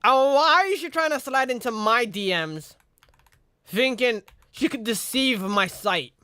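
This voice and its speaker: A man's voice: very high-pitched, measured pace, clean tone, no echo. Young man telling a rambling story. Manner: rambling, animated, repeats "you know what I mean"; acts out the other people in his story. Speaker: streamer. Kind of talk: casual storytelling.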